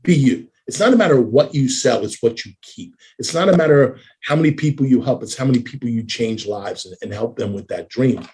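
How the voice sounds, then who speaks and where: A man hosting a casual live-stream conversation, earnest and halting with many restarts. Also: medium pitch, expressive, darkish tone, slightly rough. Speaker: host.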